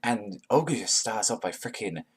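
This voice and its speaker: A man reviewing a manga chapter in an excited, casual way, swearing often and filling his talk with "like". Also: lowish voice, measured pace, breathy edge. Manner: profane, hyped, heavy use of "like".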